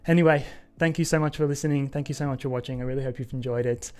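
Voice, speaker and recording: A man hosting his own podcast, talking earnestly and haltingly with many pauses and ums. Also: medium pitch, fairly even intonation, darkish tone. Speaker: podcast host. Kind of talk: casual solo podcast talk.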